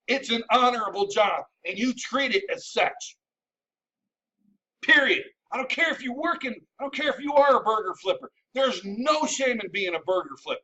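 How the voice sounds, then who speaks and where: A man, an army veteran, ranting at his viewers in a combative, profane, scolding way, shouting at times. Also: extremely high pitch. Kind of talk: ranting commentary to camera. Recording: dull sound from a distant mic.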